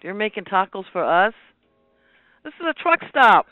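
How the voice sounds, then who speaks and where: A woman's voice: medium pitch, very animated, normal speed. A woman answering the phone at a truck stop, baffled and dismissive toward the caller. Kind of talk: phone customer service. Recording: tinny phone line with faint music.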